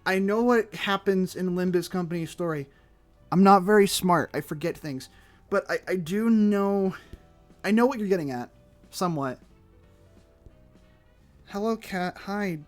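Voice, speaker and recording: A man streaming a game from home on a desk microphone, chatting in a loose, rambling, excitable way with laughs and casual swearing. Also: sits high, unhurried, long pauses. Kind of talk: casual live-stream chat while playing a game. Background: faint chill background music.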